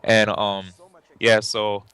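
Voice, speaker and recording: A man co-hosting a gaming talk show, telling lively stories and acting out what people said. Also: fairly low pitch, takes it slowly, clean tone. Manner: animated storyteller, acts out quotes. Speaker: podcast co-host. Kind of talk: casual chat.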